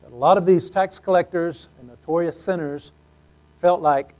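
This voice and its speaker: A man with a fairly high speaking voice delivers a sermon from the pulpit. He keeps it conversational, dropping in light jokes between his points. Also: moderate pace, a little mellow. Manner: conversational, with joking asides. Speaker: pastor.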